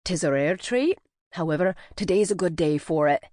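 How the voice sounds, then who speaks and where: A brisk, no-nonsense Scottish nanny in her forties, as a woman narrator puts her on. Her Scottish lilt is firm and practical, pitched a little low. The audiobook sound is dry and close. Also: animated, a little mellow, dry recording, natural voice. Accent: Scottish, put on. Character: tough Scottish nanny, woman of forty-two.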